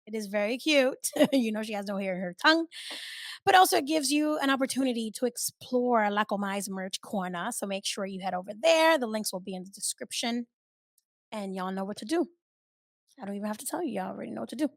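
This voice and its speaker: A woman hosting her own podcast, talking in a candid, chatty way that swings between loud and soft and swears freely. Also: mid-range voice, lively intonation, brisk, no room sound, studio quality. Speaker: podcast host. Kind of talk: casual solo podcast chat.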